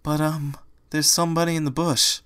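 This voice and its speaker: A man doing a timid, squeaky pony girl. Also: little pitch movement, moderate pace, a bit bright, clear, resonant tone, natural voice. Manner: shy, hesitant, squeaky. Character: timid gentle female pony turned rabbit.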